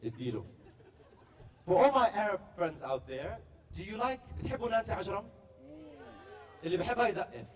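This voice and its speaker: A man performing stand-up comedy at a staff party, telling stories with quick, playful delivery and deadpan punchlines. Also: high-pitched, recorded from a distance. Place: party venue before a live audience.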